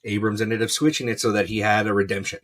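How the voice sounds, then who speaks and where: A man's voice: lowish voice, little pitch movement, fast, a bit bright. A man co-hosting a podcast, chatting casually, rambling with lots of fillers and frequent swearing. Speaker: podcast co-host. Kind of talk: casual chat.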